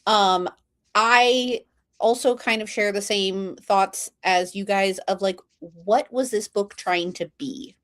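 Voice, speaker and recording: Relaxed woman booktuber talking books. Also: mid-range voice. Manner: relaxed, measured, with frequent ums. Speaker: booktuber and book club host. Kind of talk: casual book discussion. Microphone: video call.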